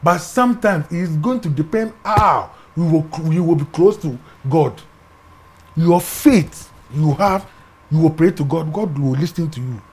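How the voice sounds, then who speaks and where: High-voiced Ghanaian man telling a story. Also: unhurried. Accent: Ghanaian English. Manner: animated, acts out voices in his story, often dropping to a hush. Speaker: interview guest. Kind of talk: personal testimony storytelling.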